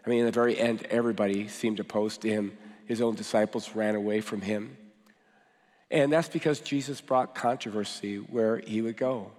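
A man with a cold, his voice deeper than usual, giving a sermon as pastor to his church with casual joking asides. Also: a little mellow. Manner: joking, conversational preaching with fillers. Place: large church hall. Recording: long hall reverb.

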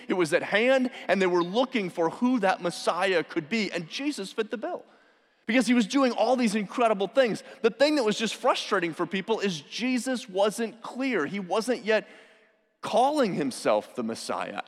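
A man preaching a sermon as pastor, speaking emphatically and asking rhetorical questions. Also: high-pitched. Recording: long hall reverb.

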